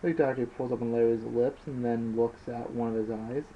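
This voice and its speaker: A man's voice: mid-range voice, steady tone, moderate pace. A man reading his own story aloud as an amateur audiobook narrator, plainly and with occasional slips. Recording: dull lo-fi with faint hiss.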